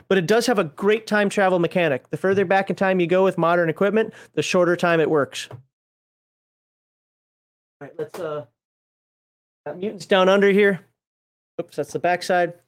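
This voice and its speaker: A man chatting casually as a streamer while paging through tabletop game books, rambling, swearing offhand and laughing at himself. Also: high-pitched. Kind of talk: casual chat.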